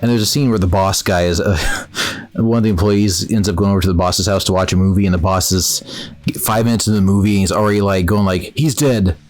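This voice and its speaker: A man's voice: low-pitched, steady tone, quick pace, darkish tone. A man co-hosting a podcast in casual chat, joking and swearing casually, poking fun at himself. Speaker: podcast co-host.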